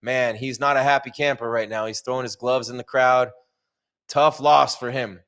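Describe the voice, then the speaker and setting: An excited man giving live commentary on a fight result, emphatic and exclamatory. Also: mid-range voice, moderate pace.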